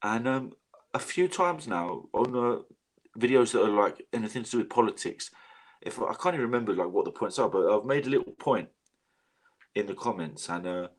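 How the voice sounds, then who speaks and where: A man's voice: fairly low pitch, expressive, moderate pace. A man chatting casually as a guest, rambling with lots of fillers and swearing freely. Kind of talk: casual chat.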